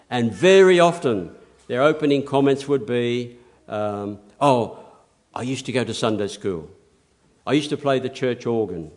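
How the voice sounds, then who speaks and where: A man's voice: mid-range voice, darkish tone. Man preaching an earnest sermon. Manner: earnest, measured preaching with emphatic rises.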